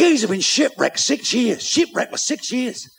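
A man telling bawdy jokes on stage, acting out characters with shouts and sound effects. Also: very high voice, sing-song, a little slow, gravelly, some chatter behind, slight background noise. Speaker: stand-up comedian. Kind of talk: bawdy stand-up joke telling.

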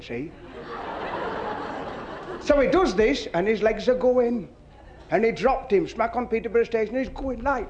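A man's voice: high voice, expressive, moderate pace, a little hiss or hum. A man telling a joke in a chatty club stand-up style. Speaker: stand-up comedian. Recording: dull lo-fi recording.

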